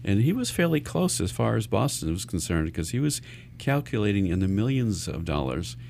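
Man, radio host, financial advisor, very low voice, earnest, explanatory. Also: sing-song, moderate pace, gravelly, a little mellow, a little hiss or hum. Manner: earnest, explanatory, with frequent restarts. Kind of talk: radio talk show chat.

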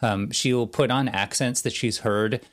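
A man in his thirties co-hosting a podcast, relaxed and joking as he tells stories in a casual chat. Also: medium pitch, unhurried. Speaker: podcast co-host.

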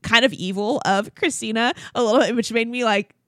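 Young woman, high voice, dry close sound, chatty podcast host, laughs a lot. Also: fairly quick, dry recording. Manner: chatty, animated, laughs often. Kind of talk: casual chat.

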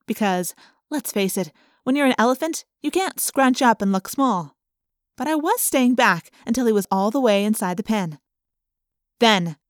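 Woman narrator, playful audiobook reading, lively, swooping pitch, dry close recording. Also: dry recording. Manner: expressive, playful, storytelling.

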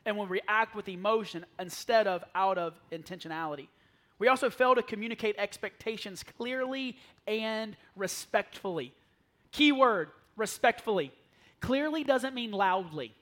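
A male pastor with a notably high voice delivers a sermon in a church. He tells animated, playful stories and sometimes drops to a near whisper for an aside. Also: moderate pace. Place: church sanctuary.

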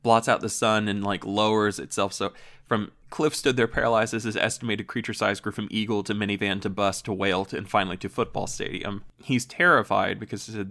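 A man's voice: lowish voice, fairly even intonation, a little fast, pushed and bright. A man co-hosting a podcast, casually recapping a story and reading excerpts aloud. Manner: rambling recap with fillers. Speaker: podcast co-host.

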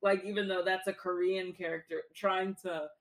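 A woman's voice: fairly low pitch, little pitch movement, moderate pace. A woman chatting casually about a film, laughing often and filling her talk with filler words.

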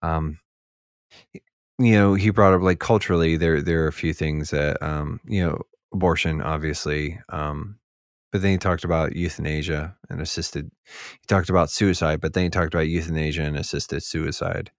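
A man's voice: a bass voice, steady tone, normal speed, no room sound, studio quality. A man talking on a casual podcast, rambling with lots of filler words and getting heated as he goes. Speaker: podcast speaker.

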